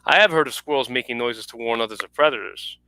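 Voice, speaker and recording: A man's voice: mid-range voice, quick pace, sharp tone, clear, resonant tone, no echo, low-quality recording. A man voicing an earnest government official in a story reading, polite and businesslike.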